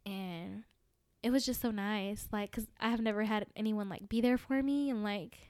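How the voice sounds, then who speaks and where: A woman's voice: medium pitch, normal speed, a little mellow, dry recording. A young woman, a podcast guest, telling a personal story with emotion and lots of fillers. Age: young adult. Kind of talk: casual chat.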